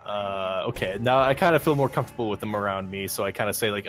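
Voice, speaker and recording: Soft, hesitant lower-voiced player. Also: male voice, fast talker, soft background music. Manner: hesitant, soft-spoken, laid-back. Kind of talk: playing a tabletop game.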